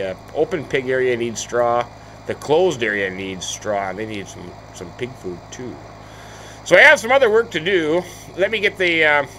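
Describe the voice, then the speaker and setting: A chatty man gives casual gameplay commentary, thinking aloud as he goes. His pitch swings widely from low mutters to high surprised exclamations. A faint noise sits behind his voice. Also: sharp tone, low-quality recording. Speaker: let's play host.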